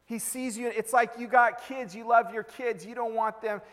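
A man's voice: very high voice, fairly even intonation, normal speed, fairly bright tone, big-room sound. A man preaching a sermon as pastor, conversational and jokey, acting out little asides.

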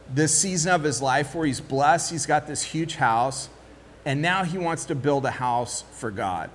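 A man preaching a sermon as pastor, lively and conversational, acting out little voices of the people in his story. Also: on the high side. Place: church hall. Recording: long hall reverb, faint background noise.

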